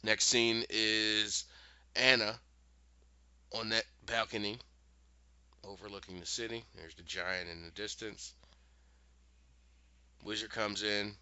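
Animated man recapping a show, lo-fi. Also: on the low side, smooth, no room sound. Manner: animated, acts out characters' lines in quick voices. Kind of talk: casual recap storytelling. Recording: dull, lo-fi dry sound.

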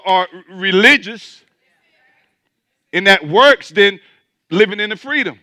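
A man's voice: sits high, lively intonation, moderate pace, sharp tone, no room sound. A male pastor preaching a sermon to his church, in a colloquial, joking way.

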